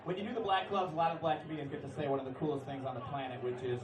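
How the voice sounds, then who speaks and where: A young man performing a brash stand-up comedy set in a comedy club, now and then bursting into shouted announcer-style bits. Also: a little high, very fast, distant mic, very noisy. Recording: roomy club sound from off-mic, loud crowd laughter.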